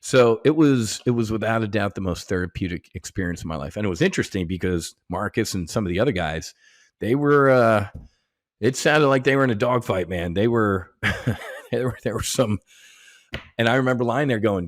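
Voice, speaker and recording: Low-voiced man telling stories loosely. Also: moderate pace, no room sound, studio quality. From United States. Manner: profane, animated storytelling with many restarts and slang. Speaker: podcast guest. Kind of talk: casual conversation.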